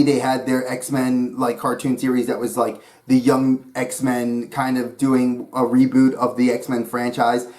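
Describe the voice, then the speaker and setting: A man's voice: medium pitch, a little mellow. A man from New York hosting his own channel, talking about cartoons in a rambling, enthusiastic way. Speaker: YouTube channel host. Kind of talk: casual vlog talk.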